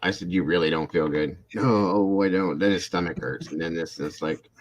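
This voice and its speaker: A man's voice: low voice, moderate pace. A man in his forties hosting a casual livestream chat, telling rambling, self-deprecating stories about his family. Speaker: channel host.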